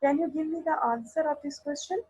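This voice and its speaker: A woman teaching an English literature class online, explaining a poem slowly and mixing Urdu phrases into her English. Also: high-pitched, little pitch movement, mellow, low-quality recording. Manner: explains slowly, mixes Urdu into English, asks students for replies.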